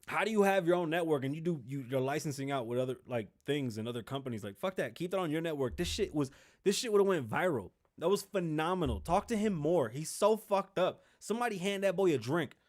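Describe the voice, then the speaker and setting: Casting note: a brash male host, higher voice, rambling and profane. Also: animated, fairly quick. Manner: brash, rambling, heavy swearing. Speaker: show host. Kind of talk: profane comedic commentary.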